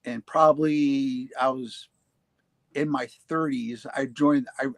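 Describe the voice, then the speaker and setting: A man's voice: mid-range voice, fairly even intonation, no echo. Man in his forties, casual storytelling, stop-start speech, dry close recording. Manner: halting, many restarts and fillers, laughs easily. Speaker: paranormal show guest telling his experiences.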